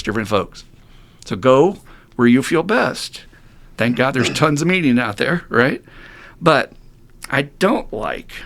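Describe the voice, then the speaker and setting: A middle-aged man talking casually on a recovery podcast, blunt, animated and laughing often as he swears freely. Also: medium pitch. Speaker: podcast host.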